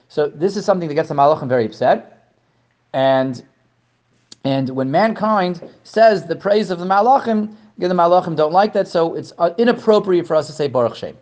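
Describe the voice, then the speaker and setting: A man teaching an informal Torah class, halting and repeating words, pushing his voice up to stress a point. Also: on the high side, a little mellow.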